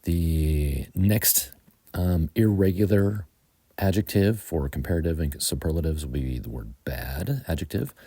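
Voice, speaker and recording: A man with an American accent teaching English grammar, explaining slowly and methodically with frequent ums. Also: very deep voice, mellow, slightly rough, dry recording.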